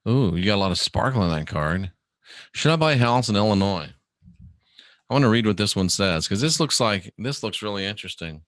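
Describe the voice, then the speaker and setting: A man's voice: on the low side, expressive, brisk, fairly bright tone, no room sound, clean studio sound. A man hosting a casual livestream, reading viewer questions aloud and answering them by name in a rambling, chatty way.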